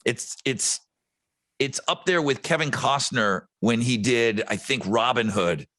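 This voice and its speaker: A man co-hosting a podcast, riffing on movies in a crude, animated way and swearing often. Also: mid-range voice, unhurried, no echo. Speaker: podcast co-host. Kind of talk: casual chat.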